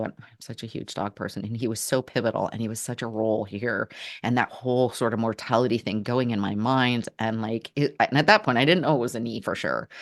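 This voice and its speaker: Very low-voiced earnest woman storyteller. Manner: earnest, halting, with restarts. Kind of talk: reflective personal storytelling. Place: Portland area, Oregon.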